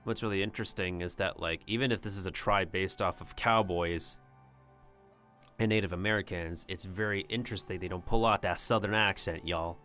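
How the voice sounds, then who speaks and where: A man's voice: sits low, steady tone, brisk, sharp tone, faint music behind. A man doing casual gameplay commentary on a livestream, rambling and joking with his chat. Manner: rambling and jokey, talks to his chat and slips in joke drawls.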